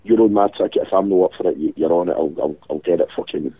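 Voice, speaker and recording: Husky Glasgow man on a phone line. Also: low-pitched, fast, no echo. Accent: Scottish, Glasgow. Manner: rambling, sweary banter. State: ill with a cold, rough-voiced. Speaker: caller. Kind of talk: casual chat.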